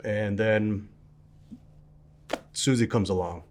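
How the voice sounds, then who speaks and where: A man recounting a childhood memory in an interview, animated and acting out other people's words in sudden bursts. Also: on the low side, slow. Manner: animated storyteller, acts out others' lines with sudden loud bursts. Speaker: interview guest.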